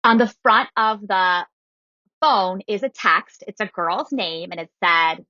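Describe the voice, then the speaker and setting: A woman in her thirties tells a personal story in a casual podcast chat. Her voice is bright and clear, and she acts out the lines of the people in it. The sound is dry and a little dull. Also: mid-range voice, slow, no room sound. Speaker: guest storyteller.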